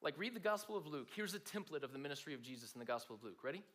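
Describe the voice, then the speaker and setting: A man's voice: on the high side, lively intonation, racing, fairly bright tone. A man giving a conversational sermon to a room of students, talking to them directly. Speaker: speaker at a student gathering.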